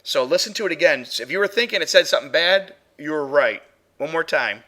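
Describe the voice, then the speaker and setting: A man's voice: fairly high pitch, lively intonation, a little fast, bright, forceful tone. A man hosting a live paranormal stream, chatting casually as he plays and reviews audio clips with his chatroom. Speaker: paranormal show host.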